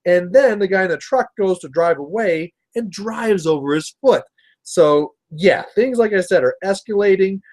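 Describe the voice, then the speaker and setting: A Canadian man hosts a miniature painting livestream, his voice high-pitched and a little mellow at a normal speed. He chats casually with viewers as he paints, rambling his way through stories.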